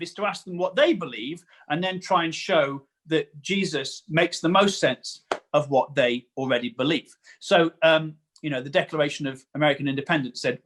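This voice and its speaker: A man's voice: fairly high pitch, a bit bright. A man preaching a sermon in an earnest way, often repeating words for emphasis.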